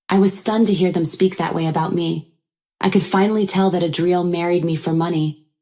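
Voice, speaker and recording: Woman narrator for a first-person drama story, low pitch, mellow tone, steady read.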